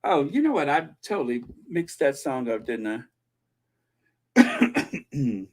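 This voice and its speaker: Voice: mid-range voice, wildly swooping pitch, takes it slowly, a little mellow. A channel host chatting casually, opinionated and breaking into snatches of old TV theme songs. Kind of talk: casual chat.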